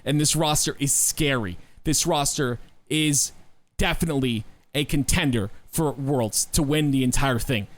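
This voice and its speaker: A man co-hosting a podcast, talking in an animated, assertive way with folksy sayings and repeated emphasis. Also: medium pitch, normal speed. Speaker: podcast co-host. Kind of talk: casual podcast discussion.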